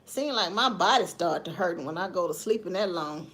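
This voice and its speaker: A woman's voice: lowish voice, expressive, normal speed, fairly bright tone. A middle-aged woman hosting a casual livestream, chatting folksily with viewers and laughing often. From Memphis area, USA. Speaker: livestream host. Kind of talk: casual live chat with viewers.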